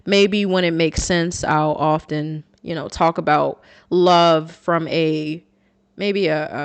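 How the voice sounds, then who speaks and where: A woman hosting her own channel, chatting casually in a musing way and often correcting herself. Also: low voice. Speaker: channel host. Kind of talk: casual vlog commentary.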